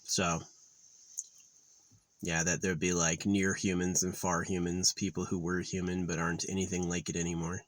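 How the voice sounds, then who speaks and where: A man with a very low voice rambles through a casual vlog rant, heavy on the swearing and quick to get heated. The sound is dry and close, with no room behind it. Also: level tone, dry recording. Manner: profane, rambling, gets loud and heated when ranting. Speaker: vlogger.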